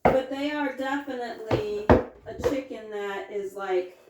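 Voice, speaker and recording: A woman homesteader chatting casually while milking her goats, sliding into a high sing-song coaxing voice when she talks to her animals. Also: measured pace, heavy background noise. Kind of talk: casual chat while doing farm chores. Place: indoor barn or milking shed with chickens. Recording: roomy barn, distant mic, faint clucking. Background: chickens clucking.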